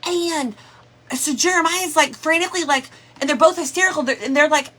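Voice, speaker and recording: A middle-aged woman talks casually to her livestream viewers. Her voice sits a little high and sounds bright. She chats in a folksy way and greets people by name. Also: moderate pace, pauses often. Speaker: craft livestream host.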